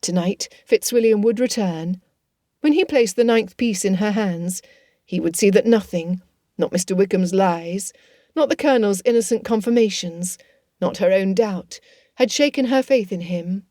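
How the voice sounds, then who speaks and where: A woman's voice: mid-range voice, moderate pace, dark tone, dry recording. Woman narrating an audiobook, dry.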